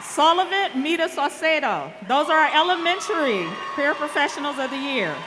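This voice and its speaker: A woman announcing award winners at a school assembly, reading names slowly and calling each one up to the stage. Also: high-pitched, sing-song, background noise. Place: large school hall or auditorium. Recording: reverberant hall, faint ambience.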